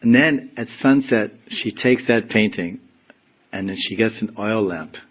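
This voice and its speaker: A man giving a devotional scripture class, telling stories in a slow, meditative way. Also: on the low side, muffled recording. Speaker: spiritual teacher.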